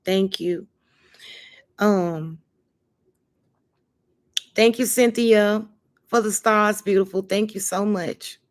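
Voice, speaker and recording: A woman's voice: mid-range voice, steady tone, takes it slowly, pauses often. Chatty woman hosting a live stream. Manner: warm, emphatic, calls viewers honey and baby. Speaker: livestream host. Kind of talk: casual livestream chat.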